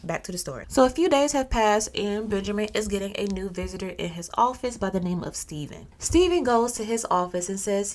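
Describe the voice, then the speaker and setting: A woman's voice: mid-range voice, fairly quick, darkish tone. A woman telling a story in a casual, chatty way with personal asides.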